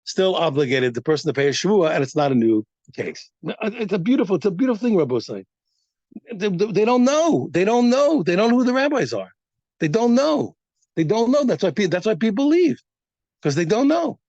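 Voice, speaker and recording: Man teaching talmud, high lively voice, repeats himself, dry dull lo-fi sound. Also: a little fast, no room sound. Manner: animated, repeats phrases while thinking aloud. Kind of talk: daily Talmud class.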